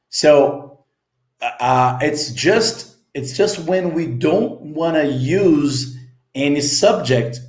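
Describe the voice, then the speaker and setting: Brazilian man as English teacher, slightly high voice with a lively, rising and falling pitch. He speaks slowly, checks in often, and sounds echoey in the room. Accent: Brazilian Portuguese. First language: Portuguese. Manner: slow, repeats phrases, checks in with "okay?" and "right?". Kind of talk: explaining a story lesson.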